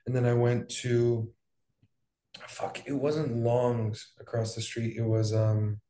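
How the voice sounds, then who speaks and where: A young Hawaiian man who survived a wildfire recounts his experience as a guest, casually rambling with fillers and profanity. His mid-pitched voice is level, slow and warm, and the room has a noticeable echo.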